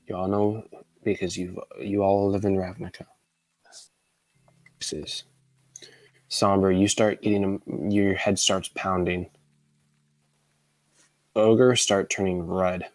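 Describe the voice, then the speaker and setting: Low-voiced man running a tabletop game. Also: little pitch movement, no room sound, low-quality recording. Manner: casual, halting narration. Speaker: dungeon master.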